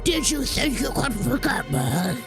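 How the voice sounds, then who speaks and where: A woman voicing a menacing demonic entity pounding at a door, her voice gravelly and drawn out, with game music playing behind. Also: a little high, big pitch swings, unhurried, full character voice. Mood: accusing.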